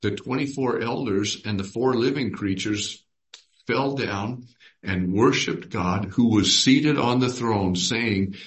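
A man leading a Bible study, reading verses aloud and putting questions to his group. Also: fairly low pitch. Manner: unhurried, reads scripture aloud and asks the group questions.

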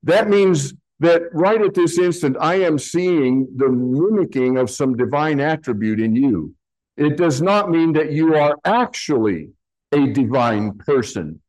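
A pastor teaching a sermon, slowly explaining Greek words from slides in a patient, deliberate way. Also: male voice, on the high side, expressive, darkish tone, poor audio.

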